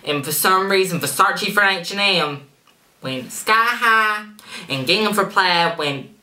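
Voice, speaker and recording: A chatty, rambling fashion designer, played by a performer in a comedy sketch. The voice is mid-pitched and bright. The room is echoey. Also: lively intonation, a little slow. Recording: roomy echo.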